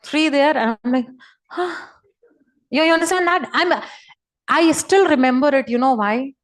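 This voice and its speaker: A woman's voice: high voice, moderate pace. A woman giving an emphatic, repetitive motivational talk over a video call. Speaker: motivational speaker.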